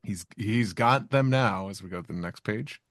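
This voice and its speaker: A man co-hosting a podcast, recapping a comic chapter in halting casual chat full of fillers. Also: on the low side, fairly bright tone, dry recording, clean studio sound. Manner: halting, with many fillers and restarts. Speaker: podcast co-host.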